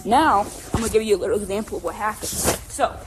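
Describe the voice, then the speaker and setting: A woman's voice: medium pitch, fast, background noise. Chatty young woman telling a story. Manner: animated, rambling, full of "like" and "right?". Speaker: podcast co-host. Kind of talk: casual storytelling chat.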